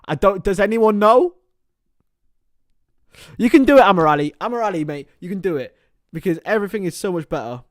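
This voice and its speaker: A man's voice: high voice, lively intonation, a little fast, pauses often, no room sound, studio quality. A young man hosting a live stream, casually commenting on a football match and chatting with viewers by name, laughing often.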